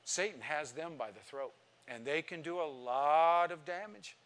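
A man's voice: a little high, expressive, a little slow, a bit bright. Preacher man telling a personal story. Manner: storytelling, emotional, rising to emphatic exhortation. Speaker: visiting pastor. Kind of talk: sermon.

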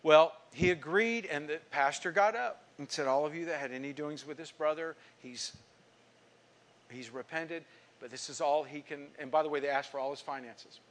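A middle-aged male pastor preaching a sermon, telling a story and acting out the people in it, swinging from emphatic lines to hushed ones. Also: a little high, normal speed, a little hiss or hum. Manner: storytelling, acting out quoted speech; emphatic preaching with sudden drops to quiet.

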